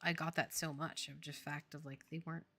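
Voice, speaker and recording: American woman, casual livestream chat, rambling, lots of "like", lower pitch. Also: level tone, fairly quick, creaky, bright, forceful tone, dry recording. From United States. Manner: rambling, heavy use of "like", laughs often. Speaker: game developer streamer.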